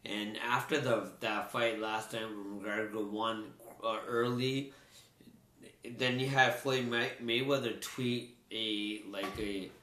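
A man's voice: fairly low pitch, fairly even intonation, slow pace, pushed and bright. A man co-hosting a casual sports chat, rambling loosely with fillers and restarts. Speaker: sports talk co-host. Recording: roomy echo.

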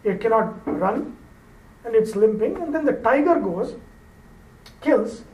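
A man's voice: very high voice, animated, slow pace, a little mellow, distant mic. A man teaching through an old fable in a loose, conversational way with frequent fillers. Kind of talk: informal storytelling lecture. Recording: roomy echo, off-mic, faint ambience.

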